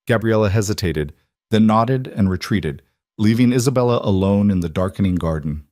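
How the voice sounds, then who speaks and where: Male narrator, low voice, dry close sound, measured scripted story reading. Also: a little mellow, no echo.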